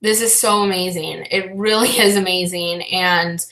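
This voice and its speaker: A woman's voice: fairly low pitch, fairly even intonation, moderate pace, bright, forceful tone, roomy sound. A young adult woman chatting casually on a livestream, reading the chat aloud and talking with lots of fillers. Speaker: vlogger.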